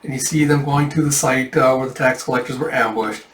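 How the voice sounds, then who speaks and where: A man's voice: medium pitch, steady tone, a little fast, slight background noise. A man casually narrating a manga readthrough in a chatty, loose way. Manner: chatty, lots of "it's like". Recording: echoey room, mic at a distance.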